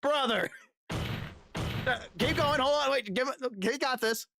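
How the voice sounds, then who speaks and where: A streamer giving excitable, joking, profane live commentary while playing a game, over loud game music. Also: sits high, slow pace, gravelly, noisy background.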